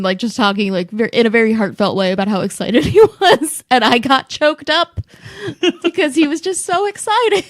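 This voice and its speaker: A woman co-hosting a podcast in casual chat, earnest and quick to laugh. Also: mid-range voice, no echo, clean studio sound.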